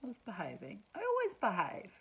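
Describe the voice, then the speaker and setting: A woman's voice: medium pitch, huge pitch swings, fairly quick, creaky, breathy edge. Woman rambling through a story, laughs a lot, a bit sarcastic, kinda muffled lo-fi audio. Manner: chatty, laughs often, sarcastic asides. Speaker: vlogger. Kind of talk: casual storytelling monologue.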